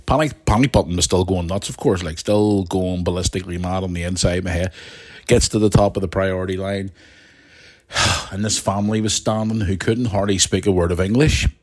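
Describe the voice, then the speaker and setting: Young podcast guy, deep voice, rambly animated storytelling, keeps restarting and talking to "guys". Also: fairly quick. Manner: rambling, animated anecdote with restarts and asides to listeners. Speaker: podcast host. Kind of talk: casual storytelling monologue.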